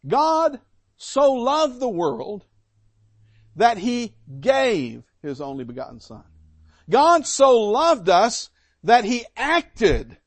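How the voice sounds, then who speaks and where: A man's voice: high voice, dry recording. A middle-aged man preaching a sermon as a pastor, emphatic and repeating key points. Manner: emphatic, repetitive, animated.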